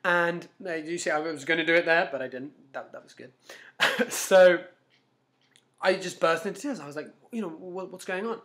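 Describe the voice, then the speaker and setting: A man's voice: fairly high pitch, normal speed. A man giving a casual motivational talk to camera, telling stories with lots of restarts and acting out inner voices. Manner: animated storyteller, frequent restarts, acts out inner voices. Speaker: self-help vlogger.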